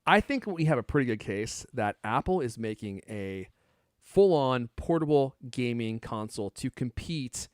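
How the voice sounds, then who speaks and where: A man's voice: medium pitch, animated, moderate pace, dry recording, clean studio sound. A man hosting a podcast, teasing his co-hosts and laughing often. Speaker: podcast host. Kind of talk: casual chat.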